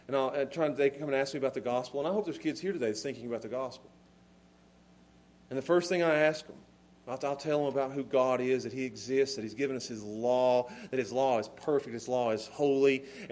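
A man preaching a sermon with passion, dropping to a hush and then rising to shouts. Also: medium pitch. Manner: impassioned, swinging from hushed to shouting.

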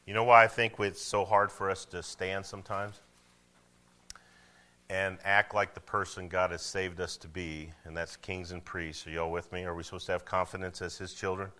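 A man preaching a sermon, shifting between quiet asides and loud, emphatic declarations. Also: low-pitched, flat delivery, moderate pace. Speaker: pastor.

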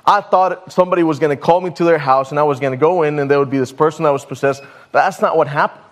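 A man's voice: on the high side, quick pace. A man preaching a sermon, telling a story and stumbling over his words now and then. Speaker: pastor.

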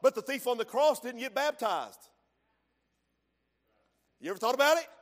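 A man's voice: very high voice, animated, moderate pace, in a large hall. A man preaching a fervent sermon, punctuating his points with frequent amens.

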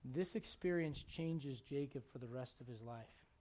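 A man's voice: medium pitch, unhurried, darkish tone. A man preaching a sermon as pastor, retelling scripture stories in casual everyday speech. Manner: storytelling preacher, voices biblical figures in casual speech.

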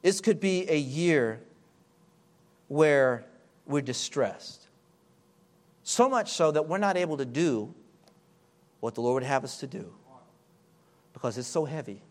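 A man delivering a sermon in a slightly high voice. He moves between hushed, drawn-out phrases and loud, emphatic build-ups, stretching key words for weight. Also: lively intonation. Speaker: preacher.

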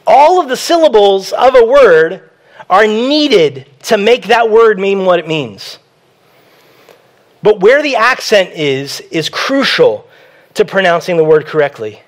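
A man with a noticeably high-pitched voice delivers a sermon as a pastor. He speaks in a conversational way, returning to the same phrases again and again to drive a point home. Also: very animated, a little slow. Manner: conversational preaching that repeats key phrases.

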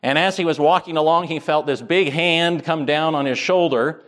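A male pastor delivering a sermon. His voice sits a little high for a man, and his tone is earnest, telling stories plainly and then driving home his points with firm emphasis. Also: moderate pace, fairly bright tone. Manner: earnest preaching, rising emphatic on key points.

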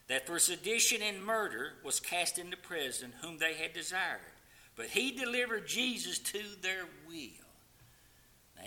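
A male preacher delivers an Easter sermon in a high, piercingly bright voice. He leans on repetition and swings from hushed asides to loud, fervent declarations. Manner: fervent, repeats phrases for emphasis, swings between hushed and loud.

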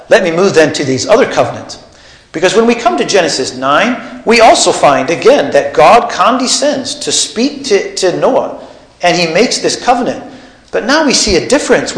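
A man's voice: on the high side, a bit bright, roomy sound, low-quality recording. A man preaching a teaching sermon, putting questions to his congregation. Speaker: pastor. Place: church.

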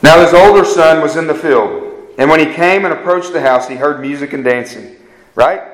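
Male preacher, conversational, restarts phrases and acts out quotes; slightly high voice in an echoey room. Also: moderate pace. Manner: conversational, repeats words, voices quoted figures. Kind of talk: sermon.

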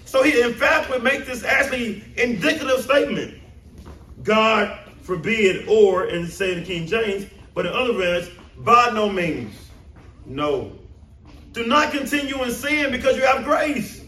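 High-voiced preacher in an echoey room. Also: male voice, moderate pace. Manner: animated, emphatic preaching with questions to the congregation. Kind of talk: sermon. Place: church room with congregation. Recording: roomy echo, mic at a distance.

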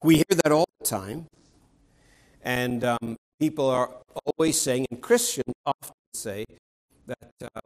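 A man's voice: mid-range voice, unhurried, low-quality recording. Man, preacher, sermon, earnest, emphatic, restarts phrases.

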